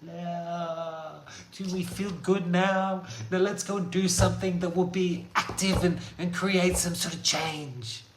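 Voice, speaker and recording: A man putting on the voice of a gushing, soft-spoken male wellness healer, airy and breathy, in mockery. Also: sits high, steady tone, measured pace, slight background noise, voice pushed up. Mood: mocking, dreamy. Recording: echoey room.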